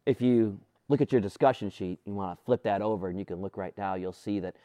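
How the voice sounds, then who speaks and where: A male pastor preaching a sermon, animated and playful, sometimes dropping to a soft, low voice on key points. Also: quick pace, dry recording, clean studio sound.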